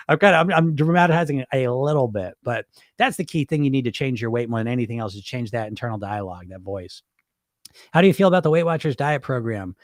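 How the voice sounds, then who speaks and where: A middle-aged man hosting a weight loss podcast, talking in a blunt, profane, animated way. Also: mid-range voice, quick pace, no echo, studio quality. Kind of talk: casual podcast talk.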